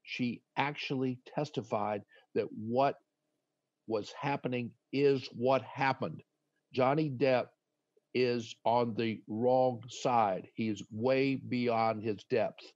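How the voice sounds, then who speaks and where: A man's voice: mid-range voice, steady tone, slow, darkish tone, dry recording, dull audio. A man appearing as a guest attorney, talking with playful wordplay and courtroom flair.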